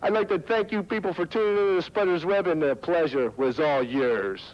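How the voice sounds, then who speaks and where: A man hosts a wrestling talk segment with a sneering, mocking delivery. His voice sits a bit high for a man. The sound is dull, lo-fi 1990s TV audio. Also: a little fast. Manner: taunting, mocking. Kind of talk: heel wrestling promo.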